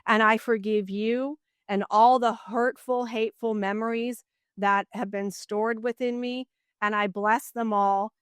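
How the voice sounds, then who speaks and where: A middle-aged woman talks through a personal story as a podcast guest, earnest and animated, with a steady "you know" running through her speech. Her voice is smooth and resonant at a medium pitch. The recording is close and dry, with no room sound. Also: unhurried, no room sound. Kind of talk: casual interview storytelling.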